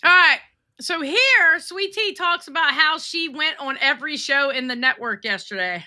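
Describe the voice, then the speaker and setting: Bright, high-voiced bubbly woman co-host. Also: expressive, moderate pace, no room sound, studio quality. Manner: bubbly, playful, talks while eating. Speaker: livestream co-host. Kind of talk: casual chat.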